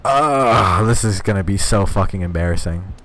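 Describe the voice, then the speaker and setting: Low-voiced, foul-mouthed male game streamer. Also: normal speed. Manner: profane, rambling and self-mocking, laughs often; talks in one steady voice, cannot scream. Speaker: streamer playing a video game. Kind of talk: casual live-stream commentary.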